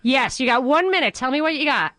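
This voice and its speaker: A woman's voice: sits high, expressive, brisk, fairly bright tone, no echo. A woman hosting a talk radio show from a studio, chatting casually and animatedly, laughing often.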